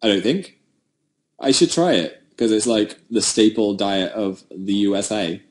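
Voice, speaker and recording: A livestream host with a fairly low voice speaks a bit slowly, chatting from home through his webcam mic. He wanders from thought to thought and jokes at his own expense while replying to viewer comments.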